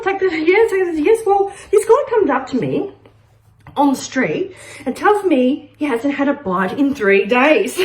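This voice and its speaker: High-voiced woman telling an absurd story. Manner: rambling, absurd storytelling with frequent laughs and outbursts; shifts between loud shouts and quiet, muttered asides. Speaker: open-mic performer. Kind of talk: comic spoken-word performance.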